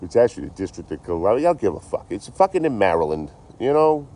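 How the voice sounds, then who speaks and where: Low, laid-back, profane livestreaming man. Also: big pitch swings, fast, mellow. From Boston area, US. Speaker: traveling livestreamer. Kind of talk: casual livestream chat. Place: outdoors behind a store. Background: faint passing vehicles.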